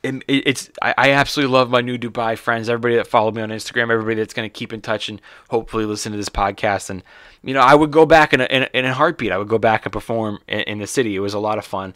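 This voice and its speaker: A man's voice: mid-range voice, rapid-fire, no room sound, studio quality. An American man hosting his own podcast, a stand-up comedian talking in a loose, swearing, rambling monologue with lots of restarts. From United States. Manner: profane, rambling and animated, with many restarts. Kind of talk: casual solo podcast monologue.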